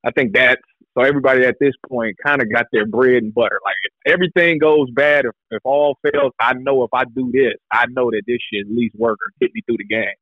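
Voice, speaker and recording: A man guest on a sports talk show, speaking loosely with easy laughs and drawn-out sentences. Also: mid-range voice, no echo, muffled recording. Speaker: guest, former defensive back. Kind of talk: casual interview talk.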